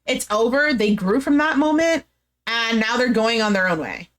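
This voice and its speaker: A woman's voice: fairly high pitch, moderate pace, a bit bright. A woman giving a chatty, opinionated recap of a reality show, full of slang and fillers. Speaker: recap vlogger.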